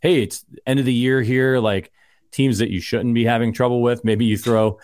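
A male podcast host in casual sports chat who rambles and argues his points with conviction. His voice is mid-pitched and recorded very dry and close, with no room sound. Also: steady tone, normal speed, darkish tone, no echo. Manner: conversational, rambling, argumentative.

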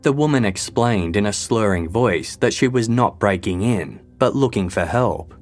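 A man giving a scripted true-crime narration in a measured, even storytelling delivery. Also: lowish voice, faint music behind.

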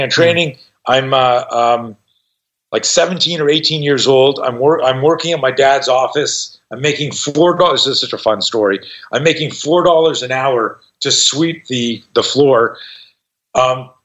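Animated, profane man in his 60s. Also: a little high. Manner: profane, animated, acts out voices in his stories. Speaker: self-defense instructor, guest. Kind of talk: storytelling in a conversation. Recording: dull lo-fi sound.

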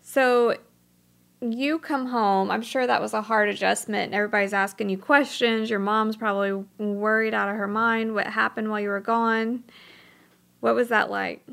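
A woman's voice: mid-range voice, steady tone, moderate pace, vocal fry, fairly bright tone. A woman hosting an interview, asking questions and reacting with short sympathetic exclamations. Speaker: interview host. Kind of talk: casual interview chat.

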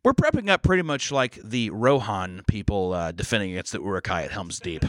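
A man's voice: lowish voice, fairly quick, no room sound. A man co-hosting a podcast, telling a story in a casual, swearing way and acting out other people's voices. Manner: animated, swearing, acts out voices in stories. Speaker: podcast co-host. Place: studio.

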